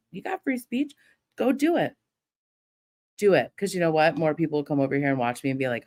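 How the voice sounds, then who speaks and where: This livestream host is a middle-aged woman with a lowish, darkish voice that moves fairly quickly in a sing-song way. Her heated rant is full of defiant swearing and mocking impressions of the people who criticize her.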